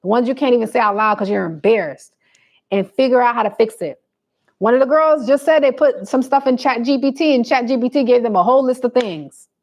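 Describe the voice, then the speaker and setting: A woman's voice: fairly high pitch, fairly quick, a little mellow. A woman vlogger giving blunt, preachy advice to her viewers in a casual chat.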